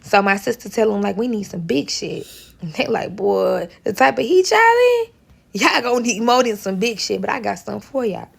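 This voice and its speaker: A woman with a St. tells a dramatic personal story in a casual, animated way. Her voice has a gravelly fry, sits at an ordinary middle pitch, and she curses freely while acting out every quoted line. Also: moderate pace. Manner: animated, profane, acts out quoted dialogue.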